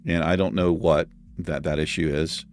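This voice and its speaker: A gaming channel host with an extremely low, fairly flat voice talks through his building in a let's play at normal speed, making joking, self-deprecating asides and chuckling often. Faint music plays behind him.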